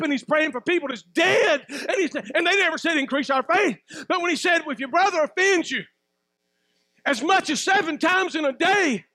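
A man, preaching a sermon as pastor in a folksy, preacherly way, swinging between loud emphatic bursts and low asides. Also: no echo.

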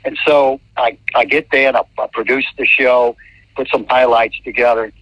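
A man's voice: medium pitch, fairly even intonation, moderate pace, no echo. A man from New Orleans who works as a TV sportscaster tells a story in an interview, rambling and often restarting his words. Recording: dull lo-fi, dry.

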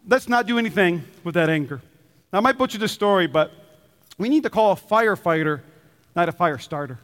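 A man's voice: high-pitched, animated, a little fast, fairly bright tone. A man preaching a Sunday sermon as pastor, talking animatedly and acting out the voices of the people he quotes. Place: church auditorium. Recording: long reverb of a large hall.

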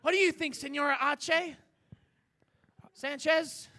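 A man plays a jittery airline passenger who stammers and pleads. His voice is high and sharply bright. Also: fairly even intonation, slow, heavily acted. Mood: flustered. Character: jittery male passenger from Canada.

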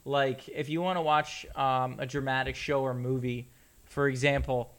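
A man's voice: medium pitch, steady tone, moderate pace, a bit bright. A man hosting a podcast, chatting casually and cracking jokes. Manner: joking, chatty. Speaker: podcast host. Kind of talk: casual chat.

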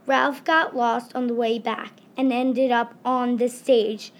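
A young girl reading her own story aloud, slow and careful. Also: on the high side, little pitch movement, a little hiss or hum. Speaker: story reader.

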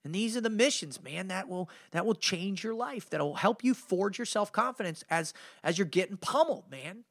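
This energetic storytelling monologue comes from a middle-aged podcast host with a high, expressive, somewhat bright voice. He keeps a moderate pace with few pauses, using lots of slang and repeating "man" as he motivates listeners.

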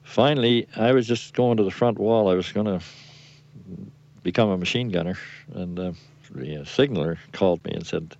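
An older man, a war veteran, recalling events in an interview with halting speech and frequent pauses for words. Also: low-pitched, vocal fry, a little mellow. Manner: halting, searching for words with many fillers. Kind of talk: recollection in interview. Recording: muffled lo-fi radio recording.

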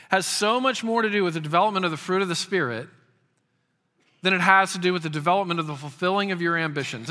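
A pastor in his fifties preaches a sermon in a high, sharp voice, speaking emphatically and often repeating words as he begins a phrase. A long hall reverb surrounds the recording.

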